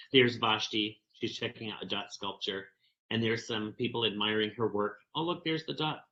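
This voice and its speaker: A man's voice: mid-range voice, pushed and bright, dull audio. A man giving a conference talk, animatedly reading a picture book aloud and telling stories to the audience. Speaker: keynote speaker.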